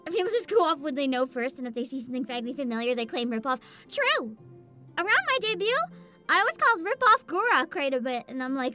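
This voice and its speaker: A VTuber streamer chats casually with her livestream viewers in a high, youthful woman's voice, bubbly, animated, and fairly quick. She swears frequently, with faint music playing behind her.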